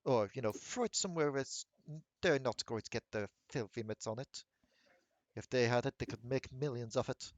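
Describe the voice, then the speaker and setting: A man voicing a stuffy, haughty male ghost gentleman, clipped and disdainful. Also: medium pitch, moderate pace, dry recording, natural voice.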